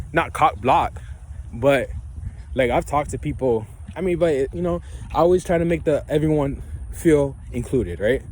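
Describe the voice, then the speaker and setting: A man's voice: fairly high pitch, darkish tone, a little hiss or hum. A young man vlogging in a loose, profane monologue, laughing now and then and tagging his points with "right?". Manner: profane, ends phrases with "right?"; loose, laughing, preachy about self-belief. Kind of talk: casual rambling monologue.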